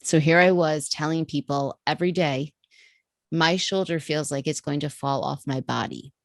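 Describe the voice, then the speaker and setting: A woman, a podcast guest, telling a personal story in a vivid, animated way. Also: sits low, normal speed, dry recording, clean studio sound. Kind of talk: storytelling in an interview.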